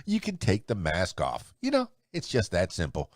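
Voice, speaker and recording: A man's voice: sits low, huge pitch swings, normal speed, dry recording, clean studio sound. A man hosting a solo podcast, rambling and chuckling as he chats and then runs through the day's news. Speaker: podcast host.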